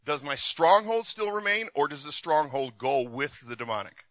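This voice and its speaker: A man's voice: on the high side, very animated, moderate pace, a bit bright, no room sound. A man teaching a church group in a sermon, talking in a loose, conversational way and restarting his sentences often. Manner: conversational, with repeated restarts and acted quotes. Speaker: pastor. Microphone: recorded for the session.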